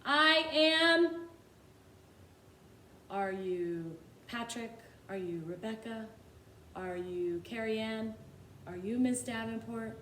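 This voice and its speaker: Woman kindergarten teacher, slow, sing-song phonics lesson, echoey room with faint hiss. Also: medium pitch, a little mellow. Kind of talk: recorded phonics lesson for young children.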